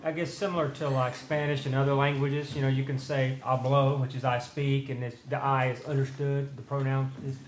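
Halting man explaining, roomy sound. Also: mid-range voice, flat delivery. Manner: halting, many fillers. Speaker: Bible study participant. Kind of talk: explaining text in group discussion. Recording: roomy with faint noise.

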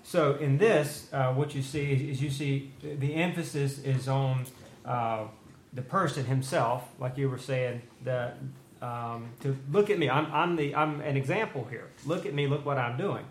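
Halting man explaining, roomy sound. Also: mid-range voice. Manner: halting, many fillers. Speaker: Bible study participant. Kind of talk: explaining text in group discussion. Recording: roomy with faint noise.

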